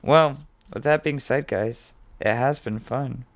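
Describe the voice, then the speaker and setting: A man hosting his own video, calmly listing card names as he opens packs and getting excited at the good pulls, with the odd swear word. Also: mid-range voice, takes it slowly. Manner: relaxed, mildly profane. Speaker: host. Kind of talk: casual card-opening commentary.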